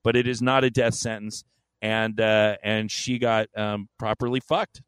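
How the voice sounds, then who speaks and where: A man's voice: fairly low pitch, level tone, a little slow, fairly bright tone, clear, resonant tone, no room sound. A man co-hosting a podcast, telling a story in a rambling, profane, joking way. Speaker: podcast co-host. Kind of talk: casual chat.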